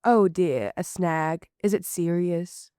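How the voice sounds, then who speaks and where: A woman's voice: fairly low pitch, takes it slowly, dark tone, clean tone, no echo, studio quality. A woman voicing a poised, polite woman patron in her late forties with a transatlantic British-American accent, speaking effusively. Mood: gracious. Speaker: student reader. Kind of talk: amateur story reading.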